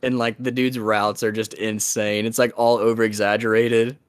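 A man's voice: lowish voice, little pitch movement, moderate pace, smooth, dry recording. Young man in casual podcast chat, dry-sounding. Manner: loose and rambling, laughs often, swears casually. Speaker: podcast host.

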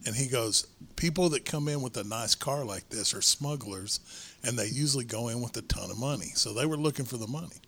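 A man's voice: mid-range voice, brisk, a bit bright, husky. A middle-aged man, a former wrestler, chiming in casually and prompting shared memories of old road trips. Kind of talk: casual chat.

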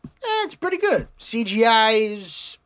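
A casual vlogger recapping shows in a loose, unscripted ramble. The speech is full of restarts and swearing, and it turns animated when acting out scenes. The pitch sits at a middling level. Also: measured pace. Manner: profane, rambling, many restarts. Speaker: anime fan vlogger.

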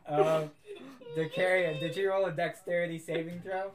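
A young adult game master running a tabletop game in a relaxed, amused way with many fillers. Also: mid-range voice, normal speed, crowd noise.

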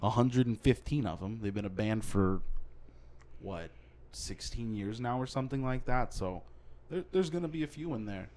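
A man's voice: medium pitch, animated, normal speed, darkish tone. A young man casually chatting as a podcast co-host, telling a profane story in a mock-indignant way. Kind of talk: casual chat.

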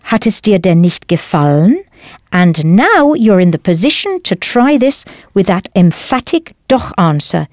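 Lively woman teaching German phrases. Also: mid-range voice, a little slow, dry recording, studio quality. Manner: clear, encouraging instruction. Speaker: language course teacher. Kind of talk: scripted audio lesson.

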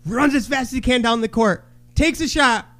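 High-voiced man telling a crude story. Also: normal speed. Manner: loud, crude storytelling, shouting quotes. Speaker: podcast co-host. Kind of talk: casual chat.

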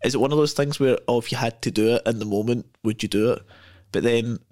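A man's voice: medium pitch, fast, darkish tone. A man co-hosting a film podcast, thinking aloud in rambling, restarting sentences. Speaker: podcast co-host. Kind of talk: casual film chat.

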